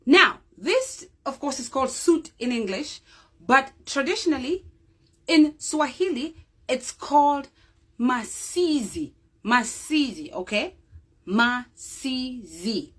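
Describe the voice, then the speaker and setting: Lively, unhurried woman demonstrating on camera. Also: sits high. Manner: keeps checking in with the viewer; chatty and unscripted, with fillers. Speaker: presenter demonstrating a craft.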